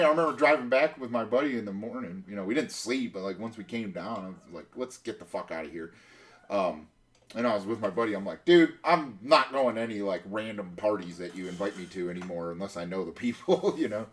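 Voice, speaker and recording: This podcast host, a man in his thirties, tells a long personal story casually and ramblingly, with lots of fillers and restarts. His voice is on the low side and moves fairly quickly.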